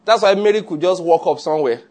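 A man's voice: sits high, fast talker, a little mellow. A man preaching a conversational sermon, often checking that listeners follow.

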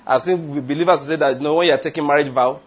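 A man's voice: a little high, steady tone, fast, slightly rough. A man preaching a sermon, emphatic, asking the congregation rhetorical questions and drifting into tangents. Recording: dull lo-fi sound.

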